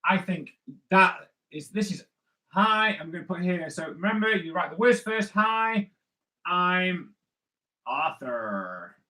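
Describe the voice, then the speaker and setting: A man's voice: high-pitched, moderate pace, bright, forceful tone, poor audio. A man hosting a live drawing stream, chatting playfully with viewers and thinking aloud as he draws. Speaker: comic artist host.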